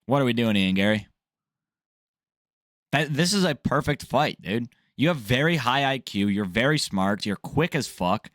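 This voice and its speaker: Casual male vlogger, profane rant, mid pitch, dry close sound. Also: expressive, normal speed, fairly bright tone, dry recording. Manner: blunt and profane, jokey. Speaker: MMA news vlogger. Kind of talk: casual ranting commentary.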